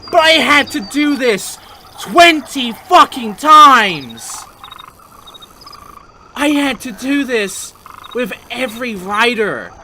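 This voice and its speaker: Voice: mid-range voice, sing-song, slow, pushed and bright, a little hiss or hum. A gaming host giving let's play commentary, ranting in a profane, exasperated way.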